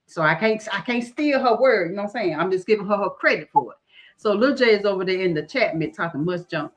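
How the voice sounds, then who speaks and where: A middle-aged woman, talking casually and folksily on a live stream. She calls her listeners honey and baby. Soft music plays faintly behind her. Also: mid-range voice. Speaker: host.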